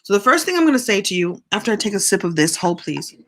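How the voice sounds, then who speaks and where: A woman's voice: mid-range voice, sing-song, fast talker. A middle-aged woman coaching in a casual live stream, chatty and encouraging as she answers viewer comments. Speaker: business and writing coach.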